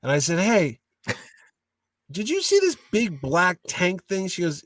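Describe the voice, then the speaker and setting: A man telling funny stories in a casual interview, an animated, jokey storyteller. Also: fairly high pitch, moderate pace, no echo, distant mic. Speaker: guest, comic con owner.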